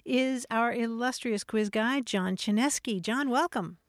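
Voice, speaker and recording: Radio co-host, female, amused, slow delivery, dry studio sound. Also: fairly high pitch, no room sound. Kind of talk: radio talk show.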